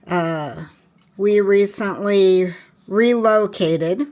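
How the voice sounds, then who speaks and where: A woman's voice: mid-range voice, a little mellow. A woman chatting casually to her viewers while working on her planner, rambling along with many fillers and restarts. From Washington State, US. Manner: slow, unhurried talk. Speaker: planner vlogger.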